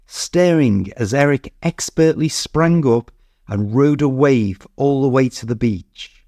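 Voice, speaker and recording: A man with a British accent reading a story clearly and steadily for English learners. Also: mid-range voice, takes it slowly, darkish tone, no echo, studio quality. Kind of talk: scripted narration.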